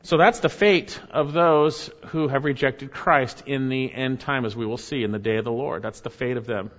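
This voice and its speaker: A man preaching a sermon with earnest emphasis, often dropping his voice low and soft to stress a point. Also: normal speed. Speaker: pastor. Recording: dull sound with long hall reverb.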